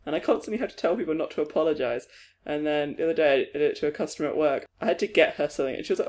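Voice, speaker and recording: A young British man co-hosting a podcast in casual chat, lively and laughing often. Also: rapid-fire. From Britain. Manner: lively, laughing, mimics others in high voices. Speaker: podcast co-host.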